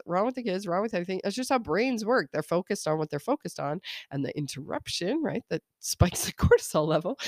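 A woman's voice: medium pitch, dry recording. A woman in her thirties talks through her podcast in a loose, chatty way, often breaking into laughter. Her voice sits mid-range and the sound is dry and close, with no room around it. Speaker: podcast host. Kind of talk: casual solo podcast talk.

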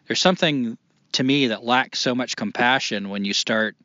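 Male podcast host, bright and forceful, loose and self-mocking; dry, slightly muffled recording. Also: mid-range voice, normal speed, dry recording. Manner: loose, swearing, self-deprecating. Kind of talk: casual podcast chat.

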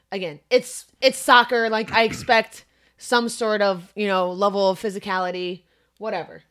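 A young woman co-hosting a podcast, telling a story in casual chat, animated and profane. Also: medium pitch, normal speed. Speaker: podcast co-host.

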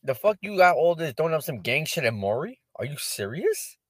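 Man, co-host, casual chat, blunt, profane, lively pitch, slightly high voice. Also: brisk. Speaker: podcast co-host. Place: parked car. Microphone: phone over a hotspot.

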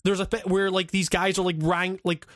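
Casual podcast co-host, male, higher pitch, rambling and profane, dead-dry room. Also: level tone, moderate pace, a bit bright, no echo. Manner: rambling, profane, many restarts and fillers; laughs often while talking. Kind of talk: casual chat.

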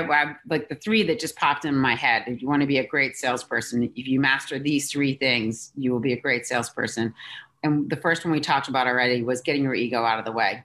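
A woman's voice: rumbling low, fairly bright tone. A woman executive coach being interviewed, explaining her points emphatically and acting out little examples. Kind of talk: conversational interview.

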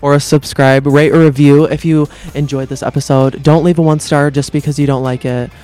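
A man's voice: fairly high pitch, level tone, fairly quick, darkish tone, soft background music. A young man hosting a casual podcast, wrapping up with an upbeat, laughing sign-off. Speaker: podcast host.

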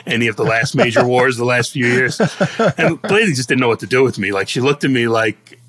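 A man's voice: medium pitch, expressive, brisk, fairly bright tone, husky. A middle-aged man co-hosting a podcast, telling personal stories in casual chat with jokes and frequent laughs. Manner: joking, self-deprecating storyteller who laughs often. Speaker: podcast co-host.

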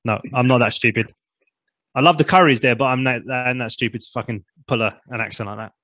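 A man's voice: medium pitch, quick pace, bright, forceful tone, dry recording. A man chatting as a podcast guest, a former comedian and vocal coach, talking loosely and swearing freely, often trailing off and restarting. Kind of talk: casual chat.

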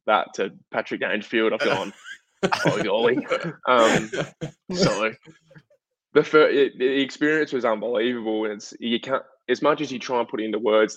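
A young Australian man, a guest footballer, telling a story in a chatty, animated way full of fillers. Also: fairly low pitch, no echo. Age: young adult. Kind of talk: casual interview storytelling. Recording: dull, dry lo-fi podcast audio.

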